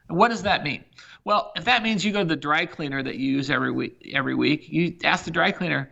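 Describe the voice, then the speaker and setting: A middle-aged man speaks as a business leader in a podcast interview, his voice gravelly with a bright, forceful edge. He pushes his points with energy and stacks example after example. The audio is a bit dull and lo-fi. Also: on the high side, moderate pace. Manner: energetic, emphatic, talks through examples. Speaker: senior living company CEO, guest.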